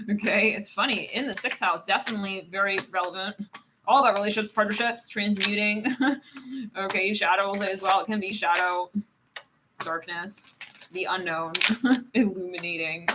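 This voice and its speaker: Giggly woman rambling through a live tarot reading, bright voice, faint hiss behind. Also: fairly high pitch. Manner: rambling, giggly, says "it's like" constantly. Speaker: tarot reader.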